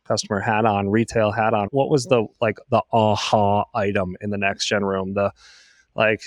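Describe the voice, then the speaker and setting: A man's voice: on the low side, little pitch movement, moderate pace, no room sound. A man hosting a casual panel chat, asking loose, rambling questions full of fillers. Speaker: podcast host and moderator.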